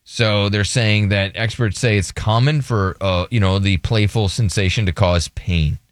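A man's voice: lowish voice, steady tone, measured pace, dry recording, clean studio sound. A man hosting a radio show, joking around and reading headlines aloud in casual banter.

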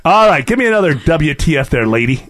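A radio host man with a high, very lively voice banters in a mocking way. He throws in quick asides. The sound is from a radio studio.

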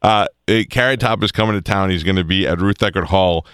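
A man's voice: low-pitched, brisk, a bit bright, clear, resonant tone, no room sound, clean studio sound. A man hosting a radio show, teasing his guest in a rambling way with many restarts. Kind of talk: casual radio interview. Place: radio studio. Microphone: studio microphone.

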